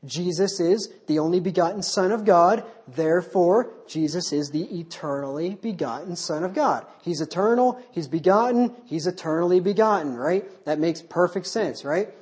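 A man's voice: high voice, moderate pace, few pauses, a little mellow, husky. A man preaching a verse-by-verse Baptist sermon without notes, reading scripture aloud and asking his listeners rhetorical questions. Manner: unscripted, poses rhetorical questions.

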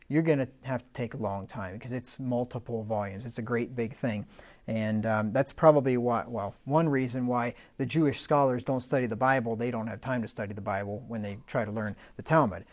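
Speaking at a moderate pace in a mellow, mid-range voice, a man who teaches the Bible gives a talk. Scripture readings swell with rising emphasis, while the gaps between them hold relaxed, conversational remarks with filler words.

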